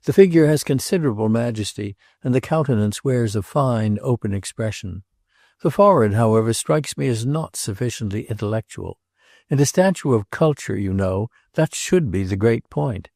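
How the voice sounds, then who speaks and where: A man's voice: medium pitch, animated, normal speed, vocal fry, a little mellow, dry recording, clean studio sound. A man voicing a pompous, wealthy older patron in a read novel, with a sonorous, self-important delivery.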